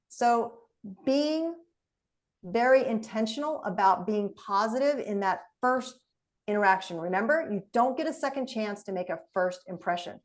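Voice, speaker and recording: A woman trainer leading an online session, talking in a lively, conversational coaching tone over a video call. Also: fairly high pitch.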